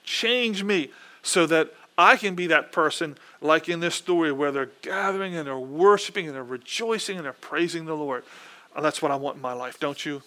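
A man delivers a sermon in an earnest, conversational way. His voice sits high and sounds bright and forceful. He often restarts his words and turns to the listeners with questions. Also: moderate pace. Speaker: preacher.

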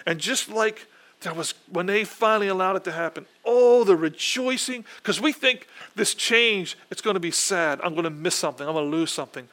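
A man delivers a sermon in an earnest, conversational way. His voice sits high and sounds bright and forceful. He often restarts his words and turns to the listeners with questions. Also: animated, brisk. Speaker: preacher.

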